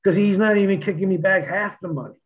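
A man's voice: high voice, quick pace. A man telling stories in a casual chat, laid-back and profane, laughing often. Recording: tinny phone-like sound.

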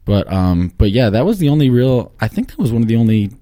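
A man's voice: mid-range voice, very animated, quick pace, mellow, dry recording, clean studio sound. A man chatting casually as a podcast guest, telling rambling, easygoing stories. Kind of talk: casual chat.

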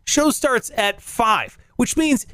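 A man hosting a show, telling a story in casual, profane, animated chat and acting out the voices in it. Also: extremely high pitch, slow pace, clear, resonant tone, dry recording. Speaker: radio show host. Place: in Las Vegas.

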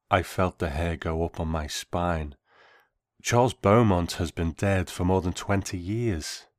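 A man reading a first-person story aloud in a measured, reflective way. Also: low voice, no room sound.

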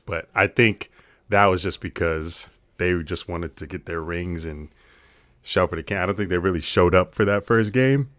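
Laid-back, low-voiced man talking sports. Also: fairly bright tone, no echo. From Florida. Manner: laid-back, swears freely, laughs often. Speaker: podcast co-host. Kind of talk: casual sports chat.

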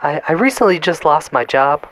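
A man's voice: a little high, animated, moderate pace, a bit bright, voice pushed up. A man voicing a timid, depressed male caller who has just lost his job, stammering meekly into a help line. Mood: meek, glum. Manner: meek, stammering.

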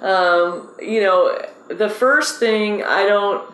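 A woman fishing guide, excitable and animated, telling stories in a casual interview. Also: medium pitch, very slow, echoey room, a little hiss or hum, rough recording.

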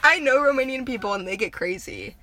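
A woman's voice: a little high, animated, brisk, sharp tone, no room sound. A young woman co-hosting a casual podcast from a parked car, rambling and giggling as she jumps between topics. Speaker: podcast co-host. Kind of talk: casual chat.

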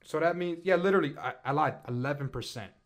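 A man's voice: on the high side, fast talker. A young man hosting a casual podcast chat, brash and profane, hyping up his listeners. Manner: brash, profane, hypes the audience. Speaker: podcast host.

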